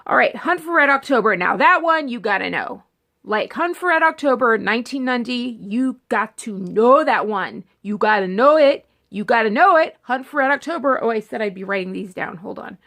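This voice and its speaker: Chatty woman with a gravelly voice. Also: a little high, lively intonation, moderate pace, a bit bright. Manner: rambling, chatty, often breaks off and restarts sentences. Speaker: movie vlogger. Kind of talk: casual chat.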